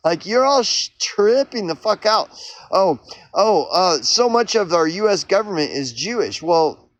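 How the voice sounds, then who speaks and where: A man's voice: high-pitched, very animated, measured pace, no echo. A man from Oklahoma on a profane, rambling solo rant, acting out mock back-and-forth arguments. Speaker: vlogger.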